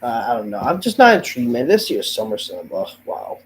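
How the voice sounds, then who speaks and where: A man's voice: medium pitch, wildly swooping pitch, a little fast, a little hiss or hum, rough recording. Fed-up male host, under the weather, profane and sighing through his rant. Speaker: host of a wrestling review show. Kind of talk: ranting show review.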